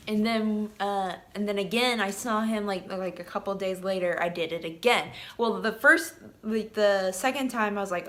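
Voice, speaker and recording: A woman's voice: medium pitch, moderate pace, a bit bright. A young woman vlogging casually, telling a story in a rambling way full of "like" and "um", with giggles.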